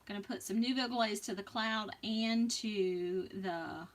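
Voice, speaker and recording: Unhurried woman crafter, chatty with soft asides; distant mic. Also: medium pitch. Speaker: crafting demo host. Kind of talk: live crafting demonstration.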